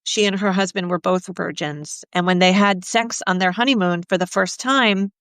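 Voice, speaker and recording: A woman's voice: lowish voice, moderate pace, a bit bright, clear, resonant tone, no echo. A middle-aged woman sex therapist telling candid stories in casual conversation, acting out the voices of the people she quotes. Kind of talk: conversational storytelling.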